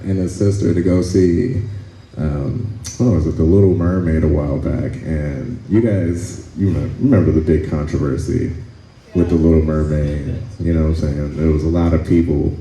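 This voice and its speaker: A man works a comedy club stage with a handheld mic, telling profane, rambling stories and acting out the people in them. His voice sits low and very mellow. The room rings around him, with a faint hum of ambience underneath. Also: vocal fry, echoey room, rough recording. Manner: profane, rambling storytelling with acted asides. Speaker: stand-up comedian. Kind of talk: stand-up comedy set.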